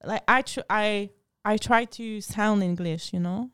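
French Canadian woman, playful podcast guest, clear smooth tone, dry close sound. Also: medium pitch, a bit bright, no room sound. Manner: halting English, playful, giggly. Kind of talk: casual chat.

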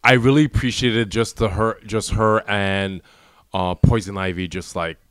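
A man co-hosting a podcast in casual chat, enthusiastic and quick to laugh, swearing casually. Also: on the low side, steady tone, clean tone, no echo, studio quality. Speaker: podcast co-host.

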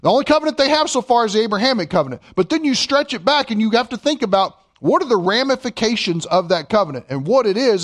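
Man, preacher, emphatic sermon delivery, lively up-and-down pitch. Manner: emphatic, slows way down to read scripture. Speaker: pastor.

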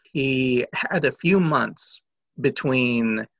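Gravelly bright-toned man chatting casually. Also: medium pitch, extremely slow, muffled recording. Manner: laid-back, conversational, uses filler "like". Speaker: podcast co-host. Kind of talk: casual podcast film discussion.

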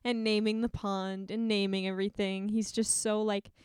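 A woman's voice: mid-range voice, flat delivery, normal speed, darkish tone, clear, resonant tone, dry recording, clean studio sound. A woman in a casual book chat, amused and agreeable, often giving short replies. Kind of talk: casual chat about books.

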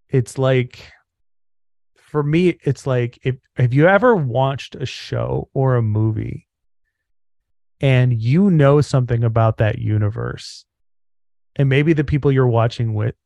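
A man's voice: medium pitch, gravelly, darkish tone, no echo. A man co-hosting a podcast, speaking in an earnest, reflective way with frequent fillers such as "um" and "like". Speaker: podcast co-host. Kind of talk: casual podcast chat.

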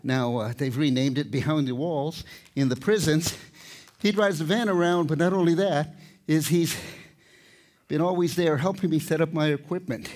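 Older man, fairly high voice, live talk, short of breath, storytelling. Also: steady tone. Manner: storytelling, warm humor, pauses to catch breath. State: out of breath at times. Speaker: tightrope walker giving a talk. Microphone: microphone, speaking to a live audience.

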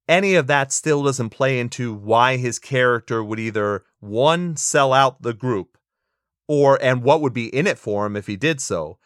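A man's voice: medium pitch, a bit bright, clear, resonant tone, no echo, clean studio sound. A man co-hosting a casual movie review podcast, opinionated and sarcastic, laughing often as he talks. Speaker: podcast co-host.

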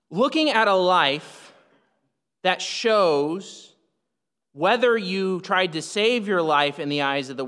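A man preaching an expository sermon, emphatic, swinging up and down in pitch to stress his points. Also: fairly bright tone, clear, resonant tone. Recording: reverberant hall.

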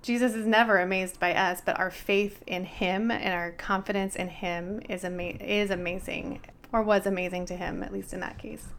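A woman's voice: medium pitch, steady tone, normal speed, few pauses, slight background noise. A woman co-hosting a casual bible study discussion, chatty and thinking aloud.

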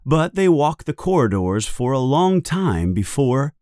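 A man narrating a children's story in a slow, deliberate, expressive way. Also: mid-range voice, dry recording, clean studio sound. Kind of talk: storybook reading.

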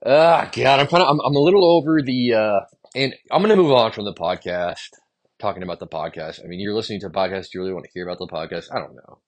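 A man's voice: lowish voice, fast talker. A young man hosting a solo podcast, venting in a rambling, profane, frustrated way about his jobs. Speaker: podcast host. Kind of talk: solo stream-of-consciousness podcast monologue.

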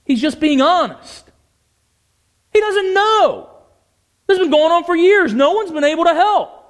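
Male preacher, very high register, emphatic and passionate, questions the congregation. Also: expressive, measured pace. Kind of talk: sermon.

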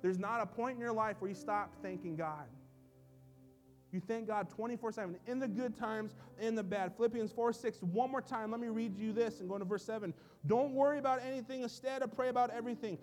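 A man preaching as a pastor, swinging between soft low asides and loud emphatic lines, in a church. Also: a little fast, faint music behind. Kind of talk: sermon. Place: church sanctuary.

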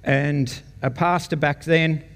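A man's voice: fairly high pitch, steady tone, slow. Australian man telling his testimony in a reverberant hall. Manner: conversational storytelling, chuckles often. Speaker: church guest speaker. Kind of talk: personal testimony to a congregation. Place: church meeting hall.

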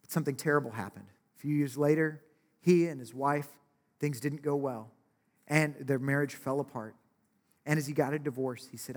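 A man's voice: mid-range voice, moderate pace, a little mellow. A man preaching a sermon in a conversational way, often asking "right?" and acting out quotes. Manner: conversational, with frequent "right?" asides and acted-out quotes. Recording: long reverb of a large hall.

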